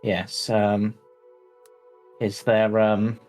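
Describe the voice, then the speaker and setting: A man playing a slow, hesitant village priest. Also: lowish voice, completely flat delivery, a little mellow, soft background music. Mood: earnest. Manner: hesitant, full of ums and restarts. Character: earnest male village priest, cautious and polite. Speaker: game master. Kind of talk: tabletop role-play voice acting.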